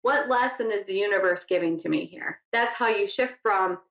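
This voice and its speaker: A woman's voice: medium pitch, moderate pace, fairly bright tone. Chatty woman hosting a spiritual talk show. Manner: chatty, laughs easily, wanders off topic. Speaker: psychic radio host. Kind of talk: casual spiritual teaching talk. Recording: echoey lo-fi room sound.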